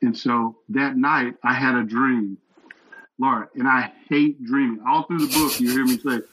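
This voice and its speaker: A man's voice: mid-range voice, normal speed, husky, rough recording. Earnest older man telling stories. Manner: earnest, animated storyteller. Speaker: guest, retired fire captain and chaplain. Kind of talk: storytelling interview.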